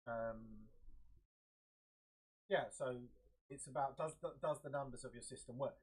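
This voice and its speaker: Husky man coaching traders. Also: mid-range voice, measured pace, rough recording. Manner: explains by example, reflective. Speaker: trading coach. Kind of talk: live-stream trading talk.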